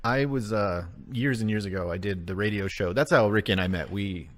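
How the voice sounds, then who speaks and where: A man's voice: fairly low pitch, normal speed, no room sound. A man co-hosting a comedy podcast, adding wry jokes in casual chat. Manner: wry, joking asides. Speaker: podcast co-host.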